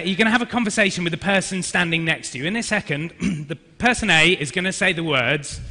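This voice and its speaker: A man in his thirties, an actor leading an energetic interactive business workshop and directing the audience. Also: high voice. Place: large conference hall. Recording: reverberant hall.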